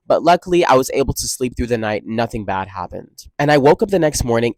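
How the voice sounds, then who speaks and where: A young man in college telling a dramatic storytime vlog, expressive and full of slang and swearing. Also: medium pitch, no room sound. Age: young adult. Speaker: college student vlogger.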